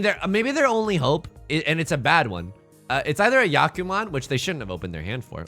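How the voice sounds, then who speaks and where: A young man streaming a mahjong game, chatting casually and joking with playful, drawn-out emphasis. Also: medium pitch, sharp tone. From China. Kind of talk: casual live-stream commentary while playing mahjong.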